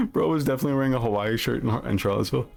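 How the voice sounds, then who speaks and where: A man with a gravelly, slightly mellow voice of medium pitch hangs out on a livestream, reacting to chat. His story wanders, restarts frequently, and is peppered with swearing.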